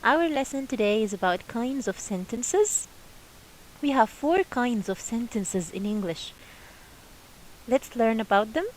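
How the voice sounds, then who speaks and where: Patient woman teacher, slightly high voice. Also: lively intonation, slight background noise, low-quality recording. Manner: slow, repeats questions and examples. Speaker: English teacher. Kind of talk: classroom lesson.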